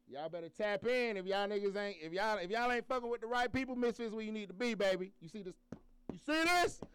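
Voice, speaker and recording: A man hosting a podcast, opening with loud, hyped, profane banter. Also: high-pitched, clean tone, no echo. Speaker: podcast host. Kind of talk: casual podcast intro.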